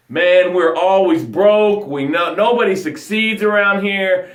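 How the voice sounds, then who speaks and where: A male motivational coach on a live broadcast, his pitch running a little high and swinging widely as he talks. He acts out little quoted voices as he goes. The sound is roomy, with a clear echo around him. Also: fairly bright tone.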